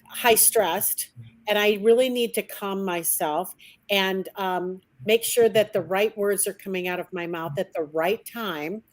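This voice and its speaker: A woman hosts a relaxed podcast interview in a friendly, conversational way. She sits at a middling pitch and keeps tossing her guest small questions to draw her out. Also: a little slow. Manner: friendly, conversational, frequent "right?" check-ins. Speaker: podcast host.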